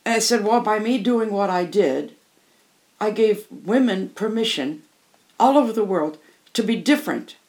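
A woman's voice: medium pitch, animated, normal speed, a little mellow. An older woman, a musician and interview guest, telling candid stories in an emphatic way and often repeating phrases for emphasis.

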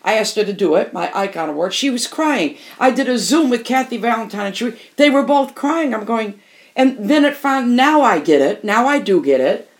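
A woman's voice: a little high, lively intonation, normal speed. An older woman, a musician and interview guest, telling candid stories in an emphatic way and often repeating phrases for emphasis.

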